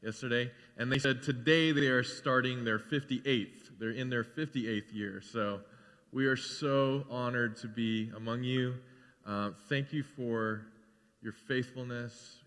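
Casual, bright-voiced male pastor in a reverberant church. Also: mid-range voice, unhurried. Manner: casual, conversational, with filler words and animated asides. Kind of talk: sermon. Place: church sanctuary.

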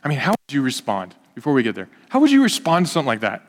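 A man preaching a conversational sermon as pastor, lively and asking his listeners questions. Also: mid-range voice, rapid-fire, big-room sound. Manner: lively, asks the audience questions, acts out quotes.

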